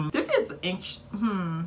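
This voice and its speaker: A woman's voice: mid-range voice, a little hiss or hum. A woman hosting a reaction video, giving casual commentary with incredulous, swearing exclamations.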